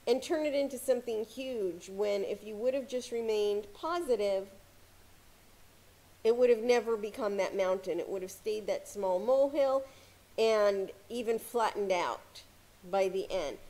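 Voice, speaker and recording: A woman giving casual motivational advice to camera as a success coach, talking calmly with frequent "you know" fillers. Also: medium pitch. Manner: calm, conversational, many "you know" fillers.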